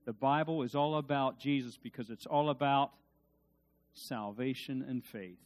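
A man preaching a sermon in a conversational way, swinging from quiet asides to loud, emphatic peaks, with restarts and repeated words. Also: mid-range voice, moderate pace.

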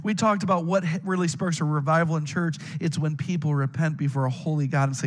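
A pastor delivers a sermon in a somewhat high male voice. He speaks earnestly to his congregation and often repeats a word as he restarts a phrase. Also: steady tone, quick pace, hardly any pauses, big-room sound. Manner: earnest preaching to students and adults, frequent stammered restarts.

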